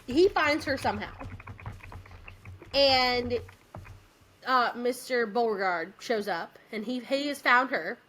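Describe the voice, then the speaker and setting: A young adult woman co-hosting a podcast, chatting casually and retelling scenes in an animated, giggly way. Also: fairly high pitch, slow, long pauses. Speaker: podcast co-host. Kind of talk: casual chat.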